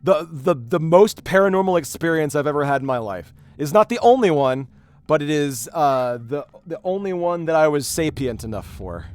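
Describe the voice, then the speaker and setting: This streamer's voice is fairly high and his pace moderate. Hosting a game stream, he chats casually and tells a rambling, animated story with lots of restarts and fillers.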